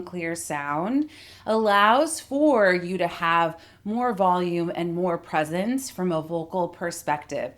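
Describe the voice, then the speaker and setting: A middle-aged woman voice coach giving a clear, articulate instructional lesson that demonstrates vocal techniques. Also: fairly low pitch.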